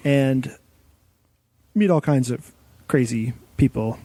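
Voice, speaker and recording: A man's voice: mid-range voice, slow, no echo. A man co-hosting a podcast, telling a funny anecdote in casual chat. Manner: lively anecdote telling with laughs. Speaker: podcast co-host.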